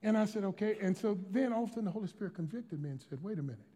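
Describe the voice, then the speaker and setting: This middle-aged pastor from Washington, D.C. preaches very fast in an expressive, husky voice that is unusually high for a man. His sermon is emphatic and dynamic, going from shouted lines to hushed storytelling.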